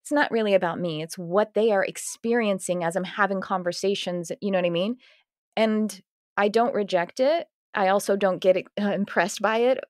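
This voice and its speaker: A woman hosting a podcast, telling stories in a lively, laughing way with lots of restarts. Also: mid-range voice, moderate pace, dry recording, studio quality. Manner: animated storytelling, laughing often, self-interrupting restarts. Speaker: podcast host. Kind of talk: casual conversational interview.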